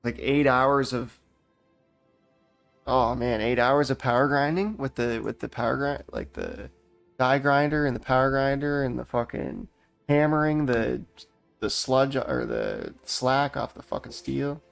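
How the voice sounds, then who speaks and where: A man's voice: mid-range voice, expressive, unhurried, creaky, soft background music. A young man from Canada rambling through a profane, heated story while gaming, often restarting his sentences. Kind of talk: casual rant while gaming.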